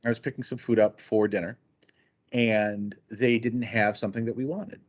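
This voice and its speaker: A man's voice: fairly low pitch, steady tone, moderate pace. A man co-hosting a casual talk show, telling rambling anecdotes and acting out both sides of conversations. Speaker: podcast co-host. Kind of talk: casual chat. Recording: dull lo-fi sound.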